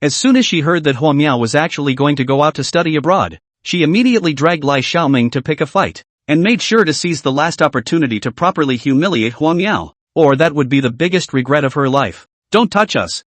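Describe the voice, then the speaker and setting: A man reads a comic story recap aloud in a dramatic storytelling manner. His voice sits slightly high and moves lively in pitch. The sound is dry and close to the mic. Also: a little fast, hardly any pauses, no room sound. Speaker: narrator. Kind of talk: scripted story recap narration.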